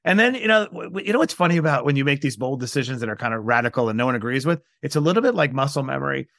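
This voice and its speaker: Brief: gravelly, dry-miked man in his forties from New York, animated storyteller in an interview. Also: mid-range voice, rapid-fire, no room sound. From New York, USA. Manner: animated, acts out quoted dialogue. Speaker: guest entrepreneur.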